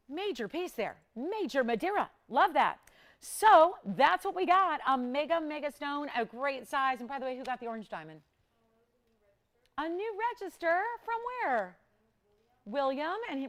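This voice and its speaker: A woman hosting a live TV jewelry shopping show, enthusiastic and repeating words for emphasis. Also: high voice. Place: TV studio.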